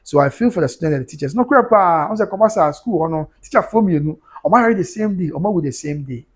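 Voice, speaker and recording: A man's voice: high-pitched, animated, quick pace, husky. A man with a Ghanaian accent hosting a livestream, praying and reading viewer comments aloud, switching between Twi and English. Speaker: livestream host.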